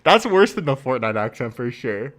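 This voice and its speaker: A young man talks to his stream in loose, reactive commentary. His pitch swings widely as he jokes, laughs and swears through mocking impressions. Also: big pitch swings, moderate pace, a bit bright, slight background noise.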